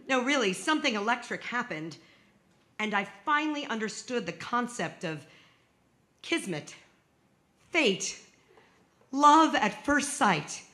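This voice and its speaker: A woman's voice: mid-range voice, bright, forceful tone. A woman in her sixties telling a true personal story on stage, with wry comic timing and emphatic punchlines.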